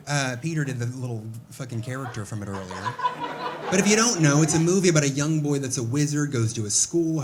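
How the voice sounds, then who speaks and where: A young man working a comedy club stage, his delivery crude and deadpan with mock exasperation. His mid-pitched voice comes through a handheld mic. A steady wash of noise sits under the live recording. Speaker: stand-up comedian. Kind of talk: stand-up comedy set. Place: comedy club stage before a laughing audience.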